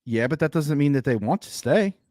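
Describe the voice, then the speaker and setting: Man, philadelphia accent, sports podcast co-host, lively swinging pitch, dry close sound. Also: fairly quick, dry recording. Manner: animated, profane, emphatic. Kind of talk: casual sports chat. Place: remote call.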